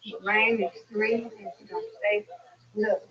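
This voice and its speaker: A woman's voice: medium pitch, steady tone, moderate pace, husky. A woman calling in from home, chatting casually and talking aside to people in the house. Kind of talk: casual chat. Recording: dull lo-fi sound from a distant mic.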